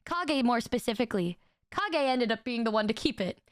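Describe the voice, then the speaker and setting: Young woman streamer telling a funny story, high voice, super animated, laughs a lot, trips over her words, dry close sound. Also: no echo. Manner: animated, laughing often, restarts and stammers; acts out friends' lines in quick high bursts. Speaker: VTuber streamer. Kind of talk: casual storytelling.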